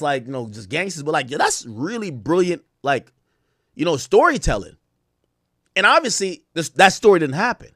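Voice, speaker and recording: An animated man talking through rap lyrics on a stream, his pitch sitting a little high and jumping all over as he explains. The sound is close and dry, with no room around it. He chants the lyrics aloud in rapid bursts, then breaks them down in loose, casual talk. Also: dry recording. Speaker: streamer reacting to rap songs.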